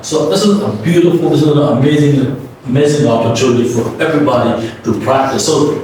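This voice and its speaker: A man teaching English pronunciation, modeling words slowly and repeatedly and asking the listener to say them back. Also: mid-range voice, darkish tone. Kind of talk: classroom-style pronunciation lesson. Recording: echoey room from a distance with faint background hum.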